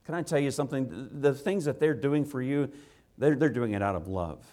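A man, a father, preaching a sermon to children, swinging from loud impassioned rises to quiet earnest asides. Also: medium pitch, moderate pace. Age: adult with children. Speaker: pastor.

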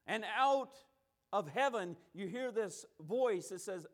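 A man's voice: high-pitched, animated, takes it slowly. A man preaching a sermon, emphatic, stacking repeated phrases and acting out the quotes he tells.

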